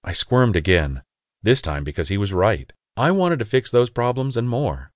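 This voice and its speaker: Low-voiced man narrating an audiobook. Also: sing-song, normal speed, no echo, studio quality. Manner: intimate, confessional first-person reading. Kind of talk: first-person audiobook narration.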